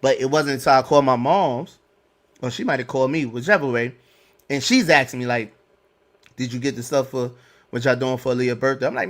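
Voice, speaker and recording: A middle-aged man on a podcast, telling a personal story in casual, slangy talk, animated and laughing along. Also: medium pitch, brisk. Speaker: podcast co-host.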